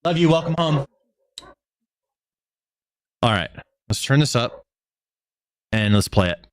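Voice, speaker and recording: A man's voice: mid-range voice, animated, takes it slowly, no echo. Guy ranting on his stream, swears a lot, voice jumps all over, dry close sound. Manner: profane, sarcastic, exasperated. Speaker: streamer host.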